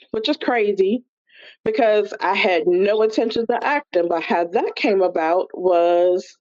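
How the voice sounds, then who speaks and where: A woman, a gospel singer and actress, telling her story in a chatty, animated way over a remote call. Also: mid-range voice. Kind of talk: casual storytelling interview. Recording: muffled remote call audio.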